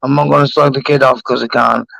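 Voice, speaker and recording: A man chatting on a live-stream panel. He has a gravelly voice, swears a lot and keeps gushing about how much he loves people. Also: medium pitch, flat delivery, fast, a bit bright, dull audio. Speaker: panel guest. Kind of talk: casual live-stream chat.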